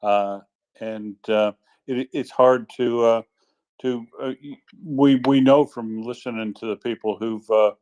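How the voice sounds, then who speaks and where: Halting man in casual talk. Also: mid-range voice, fairly even intonation, darkish tone, dull audio. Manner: halting, many restarts. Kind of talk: casual chat.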